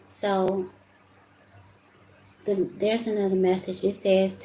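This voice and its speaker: Mellow-voiced woman reading tarot cards. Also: on the low side, little pitch movement, a little slow. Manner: emotional, talks to viewers as y'all. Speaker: tarot reader. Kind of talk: casual tarot reading to camera. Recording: echoey room with faint ambience.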